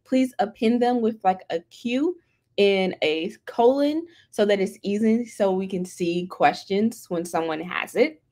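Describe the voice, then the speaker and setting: A woman hosting a live stream, excited and chatty, greeting viewers and reading out the chat. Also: mid-range voice, a little slow. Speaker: livestream host, head of community. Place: Atlanta.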